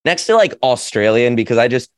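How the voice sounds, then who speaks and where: A young man with a light Southern accent talks easily and jokes his way through a video-call interview. His voice sits at an ordinary middle pitch. The sound is dry and close, with no room around it. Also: fairly quick, no echo. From Nashville, Tennessee. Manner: chatty, joking, animated storyteller. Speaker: actor and musician, interview guest.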